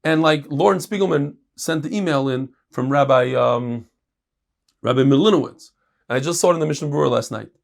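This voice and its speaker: A middle-aged man gives a daily Talmud lesson in a slightly raised, gravelly voice. He moves between Hebrew readings and English commentary, rising sharply in pitch and volume to stress a point. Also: brisk. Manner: lively, mixes Yiddish-inflected Hebrew readings with English explanation; animated, jumps in pitch and volume for emphasis. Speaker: rabbi teaching a daily Talmud class.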